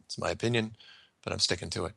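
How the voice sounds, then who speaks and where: A man hosting a casual talk show, quick and excitable, often repeating words. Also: low-pitched, gravelly, husky, dry recording, clean studio sound. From United States. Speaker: radio show host. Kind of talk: casual radio chat.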